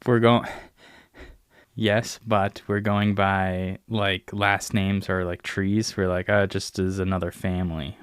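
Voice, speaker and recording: A man's voice: lowish voice, steady tone, unhurried, clear, resonant tone, no room sound, studio quality. A man co-hosting a casual book-club podcast, easygoing and wry. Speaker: podcast co-host.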